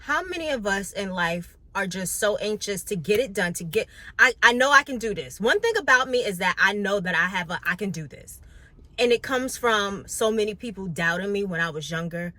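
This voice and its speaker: A woman's voice: medium pitch, expressive, brisk, hardly any pauses, pushed and bright. A candid, chatty woman in middle age speaks to camera in a casual vlog. She reflects openly on her week and shares her thoughts with her followers. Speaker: vlogger and makeup artist. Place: New York City.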